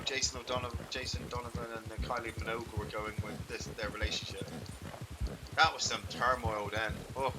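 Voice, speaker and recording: Chatty, swearing man streaming a game. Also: mid-range voice. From England. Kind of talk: casual live gameplay commentary. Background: game noise, hoofbeats and clicks.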